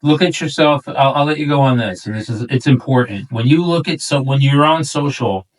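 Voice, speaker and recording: A middle-aged man with a New York accent, coaching a newer agent in a relaxed chat and acting out client talk along the way. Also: brisk, far from the mic, poor audio. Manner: easygoing, acts out client lines in a higher voice. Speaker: real estate coach. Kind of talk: casual role-play coaching chat.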